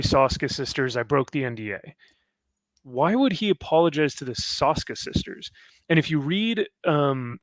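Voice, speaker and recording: A man's voice: a little high, fairly bright tone, dry recording. Man speculating in dry podcast chat. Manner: speculative, talks things through at length. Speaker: podcast co-host. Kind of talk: casual panel chat.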